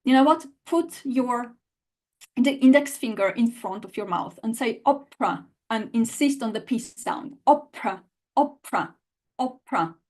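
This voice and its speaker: A woman's voice: a little high, measured pace, a little mellow. A woman teaching a live online lesson, reading out student answers and repeating sounds for learners to copy. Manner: demonstrates sounds by repeating them. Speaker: language teacher.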